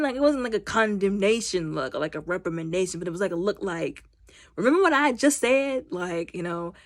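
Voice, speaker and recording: A woman giving a casual, animated movie review, acting out characters' lines and using lots of fillers. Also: medium pitch. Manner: heavy use of fillers like "like" and "you know".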